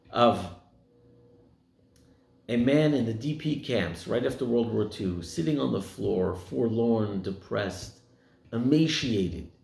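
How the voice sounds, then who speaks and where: A man's voice: vocal fry, dark tone. A man rabbi giving a sermon, telling stories and acting out the people in them. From United States. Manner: storytelling, voicing quoted people with rising pitch. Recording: echoey room.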